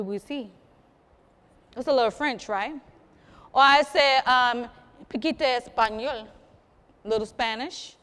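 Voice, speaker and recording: High-voiced woman telling stories. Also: long reverb tail. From South Carolina. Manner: lively, teasing, talks straight to the crowd. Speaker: storyteller. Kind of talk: live storytelling to an audience. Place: museum program room.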